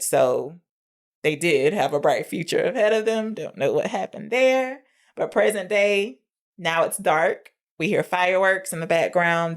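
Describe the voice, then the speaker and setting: A woman co-hosting a podcast, recapping a film scene by scene in a casual, earnest way. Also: sits low.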